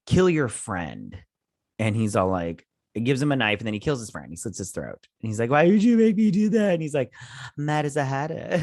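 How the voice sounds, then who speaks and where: A young man with a lowish voice talks through a TV episode in a loose, offhand recap. His tone is sarcastic and mocking, breaking into laughs between retold scenes. The sound is close and dry, with no room around it. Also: dry recording. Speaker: show host reviewing a TV episode. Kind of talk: casual recap and review.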